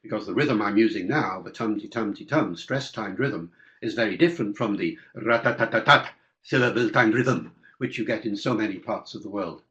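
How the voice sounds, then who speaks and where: A man's voice: lowish voice, brisk, fairly bright tone. An older man answering listener questions in a webinar, in a discursive, explanatory way. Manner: discursive, explanatory, with fillers and asides. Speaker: guest linguist answering questions. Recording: dull lo-fi webinar audio.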